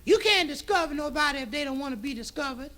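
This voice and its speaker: A man's voice: extremely high pitch, expressive, fast talker, sharp tone, pitched above the performer's own voice, exaggerated voice. A man squealing as a sassy, cussing young woman. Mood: defiant. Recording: noisy old live album recording.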